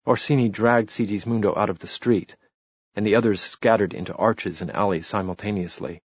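A man narrating a novel in a measured, steady reading. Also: fairly low pitch, husky, dry recording, dull audio. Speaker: audiobook narrator. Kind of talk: scripted narration.

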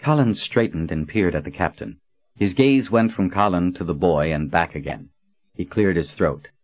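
A man narrates an audiobook in a measured storytelling manner, his voice very low yet animated in pitch. The sound is dry, with a dull, lo-fi tone. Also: no room sound.

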